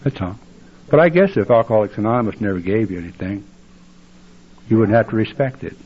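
A man's voice: lowish voice, expressive, fairly quick, husky. An older man telling his recovery story at a meeting, wry and blunt and plainspoken. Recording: dull lo-fi tape.

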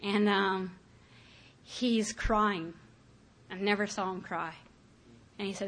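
A woman's voice: medium pitch, fairly even intonation, slow pace, pauses often, a bit bright, slight background noise. Candid woman telling her own story. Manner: candid, conversational, many fillers, acts out her past thoughts. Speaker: speaker sharing her recovery story. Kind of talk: personal testimony.

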